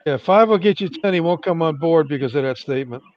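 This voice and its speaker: A man making wry, laid-back jokes in a casual online chat. His voice is high. The audio is dull and muffled. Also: lively intonation, fast.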